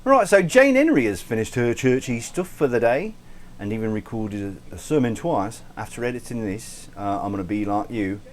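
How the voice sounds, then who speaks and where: A man's voice: medium pitch, lively intonation, normal speed. A man hosting a cooking livestream, chatting casually while he cooks, thanking viewers by name, swearing lightly and cutting himself off mid-sentence, all in a put-on accent he keeps up throughout. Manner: frequent self-interruptions and light swearing; puts on an unnamed accent for the whole stream. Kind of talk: casual live-stream chat while cooking.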